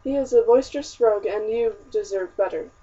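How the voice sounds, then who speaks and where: A woman's voice: on the high side, a little fast, warm tone, breathy edge. A woman reading the lines of a grave, plain-spoken young male colonist in an audiobook. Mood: solemn. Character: solemn young male colonist, earnest, blunt. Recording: distant, dull lo-fi audiobook recording.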